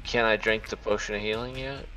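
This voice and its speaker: A man's voice: lowish voice, steady tone, fairly quick, pushed and bright, faint music behind. Casual man playing a tabletop game. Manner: casual, talks over others. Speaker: player.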